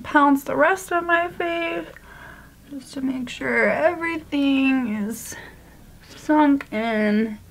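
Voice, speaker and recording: A woman's voice: sits high, slow. A woman vlogger chatting casually through a makeup tutorial, joking about her own mistakes. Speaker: beauty vlogger.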